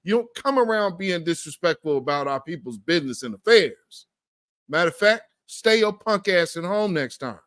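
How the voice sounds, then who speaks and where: Fired-up man with a high voice. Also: expressive, normal speed, a bit bright, no echo, studio quality. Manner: emphatic, slangy, fired up, with laughs. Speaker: host of a political commentary show. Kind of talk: casual political commentary.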